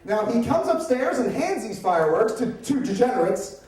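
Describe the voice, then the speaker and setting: A high-voiced man from the Upper Darby, Pennsylvania area tells a story at a moderate pace on stage at a live story slam. He's animated, comic, profane and conversational, and his voice comes from far off in an echoey hall.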